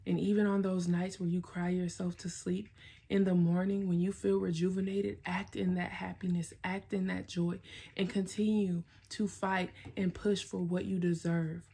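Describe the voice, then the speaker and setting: A woman's voice: lowish voice, little pitch movement, normal speed, creaky, dark tone, breathy edge. A woman vlogger giving herself a blunt, emphatic pep talk, swearing and repeating herself for emphasis. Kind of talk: self-directed pep talk.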